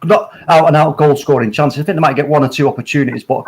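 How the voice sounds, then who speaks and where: A man co-hosting a casual football watchalong, giving animated, opinionated takes. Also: on the high side, quick pace, slight background noise. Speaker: co-host of a watchalong.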